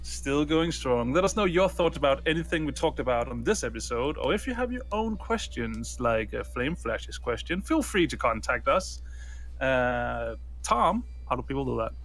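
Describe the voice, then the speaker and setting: Casting: mid-pitched man, casual, halting podcast co-host. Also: sing-song, fairly bright tone, faint music behind. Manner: hesitant, many fillers and restarts.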